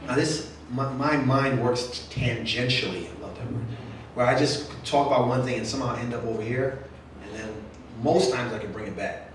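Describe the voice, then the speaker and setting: A man's voice: medium pitch, moderate pace. A man, an author, talking casually with young readers and answering their questions, joking and acting out quoted voices. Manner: chatty, jokey, acts out quoted voices. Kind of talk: casual talk with audience Q&A. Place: event room at a literary center. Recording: very echoey room from far off, faint noise.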